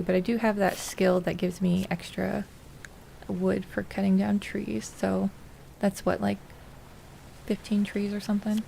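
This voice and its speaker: A woman streamer chatting casually and excitably as she plays, thinking aloud. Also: mid-range voice, measured pace, creaky. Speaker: game streamer. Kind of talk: casual gameplay commentary. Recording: noisy home recording.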